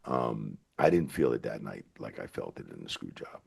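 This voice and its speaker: A middle-aged man, telling stories as a guest in a podcast interview, excitable and swearing as he goes. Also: normal speed. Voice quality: very deep, gravelly and husky voice. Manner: excitable, swears, leaps up in pitch when retelling stories. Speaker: retired wrestling referee, guest. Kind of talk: animated storytelling in a podcast interview.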